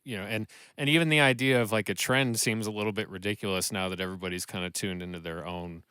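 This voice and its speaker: Bright-voiced halting male co-host. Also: fairly low pitch, fairly even intonation, clear, resonant tone, dry recording. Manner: earnest, halting, self-deprecating. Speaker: podcast co-host. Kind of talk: casual chat.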